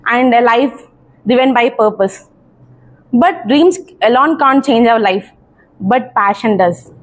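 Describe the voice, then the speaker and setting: Slow, earnest woman in her twenties. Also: high-pitched. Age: 20s. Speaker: student speaker. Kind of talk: open mic speech. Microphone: handheld mic.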